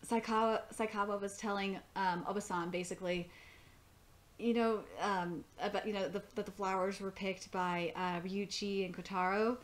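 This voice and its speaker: A woman's voice: medium pitch, fairly even intonation, normal speed. A woman giving live reaction commentary on an anime episode, rambling and enthusiastic with lots of fillers and restarts.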